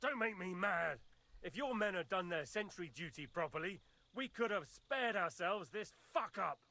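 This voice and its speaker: An actor voicing a haughty, short-tempered lord in a video game. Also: male voice, high voice, animated, moderate pace, bright, forceful tone, dry recording, exaggerated voice. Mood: imperious. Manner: imperious, snappish.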